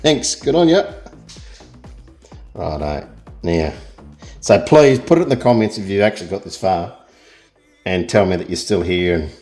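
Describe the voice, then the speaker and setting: A man's voice: low-pitched, animated, moderate pace, long pauses, darkish tone, faint music behind. Chatty Australian man painting in real time. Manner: rambling, self-deprecating, chatty. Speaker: art tutor.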